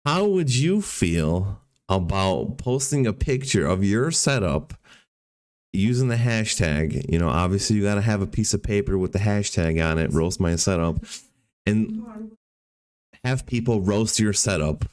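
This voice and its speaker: A man's voice: lowish voice, very animated, a little slow, a little mellow. A young man hosting a podcast in a laid-back, casual way. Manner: laid-back, says dude a lot. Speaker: podcast host.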